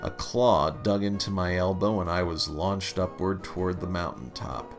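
A man reading a humorous memoir story aloud with a dry, deliberate, wry delivery. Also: sits low. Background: faint guitar music.

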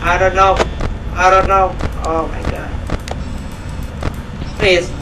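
A man's voice: high voice, little pitch movement, takes it slowly, long pauses, music in the background. A man commenting nervously on a horror game as he plays it, pleading with the game and its characters. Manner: anxious, pleading, talks to the game. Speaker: gaming YouTuber. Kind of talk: frightened let's-play commentary. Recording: echoey room from far off with noise.

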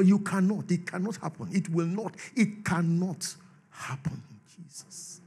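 A Nigerian man preaching a sermon, swinging from shouted declarations to low asides and laughing often. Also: expressive, normal speed, husky. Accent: Nigerian English. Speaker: pastor.

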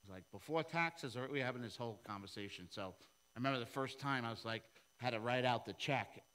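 Middle-aged pastor preaching, bright voice, acts out the voices in his stories. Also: medium pitch, brisk, clear, resonant tone, rough recording. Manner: animated storytelling, acts out dialogue in a raised voice. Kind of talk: sermon.

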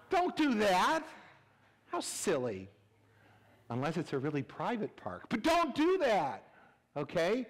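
A middle-aged male pastor preaching a humorous sermon, animated and joking, swinging between loud bursts and hushed asides. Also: sits high. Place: church sanctuary. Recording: reverberant church hall.

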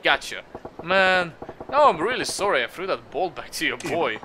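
Blunt, loud yakuza, read out by a man. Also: a little high, big pitch swings, normal speed, slight background noise, pitched above the performer's own voice. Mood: brash. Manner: loud and punchy. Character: brash male yakuza, blunt.

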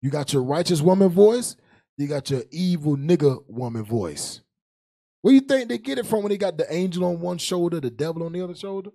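A male preacher with a fairly high voice that swings widely up and down as he teases the crowd. He laughs a lot and stretches key words out slowly. He directs a reader through scripture with short commands. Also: animated, gravelly, warm tone. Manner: laughs often and calls on a reader to recite verses. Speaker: preacher and teacher. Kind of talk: humorous street sermon.

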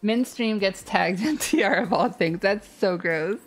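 Woman streamer, giggly self-mocking chat over faint music, mid-pitch voice. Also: measured pace. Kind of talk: casual game stream chat.

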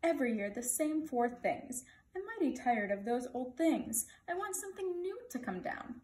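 A woman voicing a grumpy old male king who shouts his demands in a raised, high voice. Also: big pitch swings, moderate pace. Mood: angry. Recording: echoey room.

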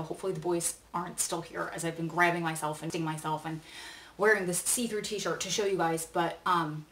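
A woman's voice: fairly low pitch, steady tone, fairly quick, a bit bright, distant mic, slight background noise. Chatty woman in her forties, roomy sound. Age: 40s. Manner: chatty, candid, rambling with fillers. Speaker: vlog host. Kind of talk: casual try-on vlog. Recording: roomy echo.

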